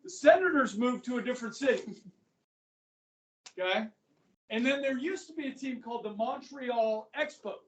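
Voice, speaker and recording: A man's voice: very high voice, expressive, normal speed, long pauses. A man with a Kansas accent teaching a history class in a casual, chatty way, often checking in with "okay?". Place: school classroom. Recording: echoey classroom from far off.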